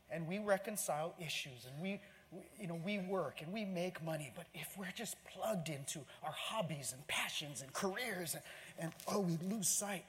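A man with a high voice preaching a lively sermon, full of exclamations and sudden drops to near-hushed asides. He is recorded in a church auditorium, with a long hall reverb and faint room ambience behind him. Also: slight background noise. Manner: animated, exclamatory, swings between shouting and hushed asides. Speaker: pastor.

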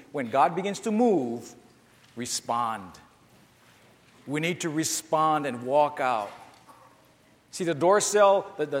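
Man preaching in a reverberant hall. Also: a little high. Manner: emphatic, repetitive preaching straight to the listeners. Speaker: pastor. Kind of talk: sermon. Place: church before a congregation.

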